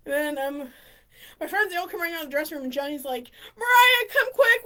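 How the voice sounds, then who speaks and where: A woman vlogger telling funny stories in an excitable, rambling way, giggling and restarting often. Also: high voice. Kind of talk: casual storytelling.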